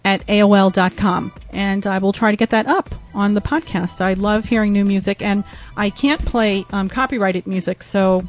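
A woman's voice: medium pitch, fairly even intonation, normal speed, soft background music. A woman hosting a podcast, talking in a chatty, rambling way. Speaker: podcast host. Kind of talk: casual podcast talk.

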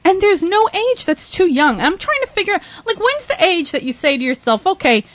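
A woman's voice: very high voice, big pitch swings, a little fast, no echo. A woman hosting a podcast, ranting indignantly with swearing, rambling asides, laughs and sighs. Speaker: podcast host. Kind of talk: ranting monologue.

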